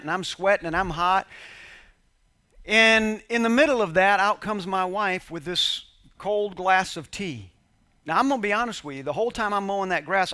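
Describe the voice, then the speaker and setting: The man's voice sits high and sounds pushed and bright but smooth. Preaching in a chatty way, the pastor relates a personal story, plays out bits of dialogue, and jokes with his congregation.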